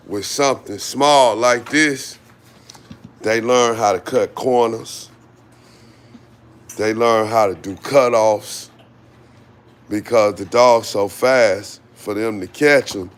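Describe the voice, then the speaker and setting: Slow-talking man with a drawl. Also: lowish voice. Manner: slow, relaxed, calls commands to dogs. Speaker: dog owner vlogger. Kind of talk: casual talk while training dogs. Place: outdoor yard with dogs.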